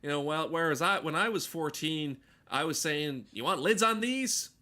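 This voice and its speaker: A man putting on a smug, rambling comedian who drawls mocking life advice in a raised, loud voice. The tone is bright and sharp. It comes off as a pointed send-up of a know-it-all. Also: lively intonation, normal speed. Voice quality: higher, louder put-on voice. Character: rambling male comedian, smug mock-wise storyteller.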